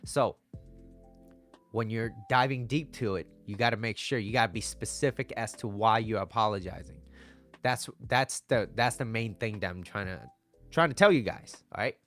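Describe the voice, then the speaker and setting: Give me a man coaching on dating in a relaxed, chatty, repetitive way. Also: lowish voice, moderate pace, soft background music. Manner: conversational, repeats himself, coaxing. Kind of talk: casual advice talk to camera.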